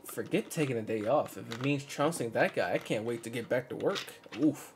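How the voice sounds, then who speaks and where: A man's voice: medium pitch, a little fast, background noise. A man hosting a casual live stream, playful and self-mocking, laughing often. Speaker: streamer host. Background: background music.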